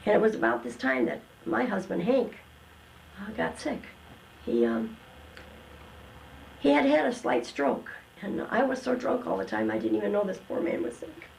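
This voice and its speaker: An older woman telling her personal testimony in an earnest, emotional way, with slow dramatic pauses. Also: mid-range voice, sing-song, creaky, darkish tone, slight background noise, poor audio. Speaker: testimony guest.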